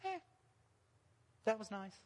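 Guy preaching, gets loud and pumped, church hall echo. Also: high voice, slow. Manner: animated, bursts into loud sung lines. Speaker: pastor. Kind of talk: sermon. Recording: long hall reverb.

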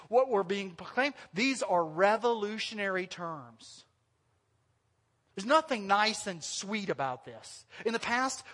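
A man preaching a sermon as pastor, animated and lively, sometimes breaking into loud sung lines. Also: high-pitched. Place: church hall. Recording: long hall reverb.

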